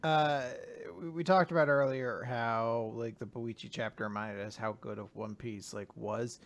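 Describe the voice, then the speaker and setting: A man's voice: mid-range voice, fairly even intonation, moderate pace, muffled recording. A man co-hosting a podcast, chatting enthusiastically and rambling with lots of fillers. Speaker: podcast co-host. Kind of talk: casual discussion.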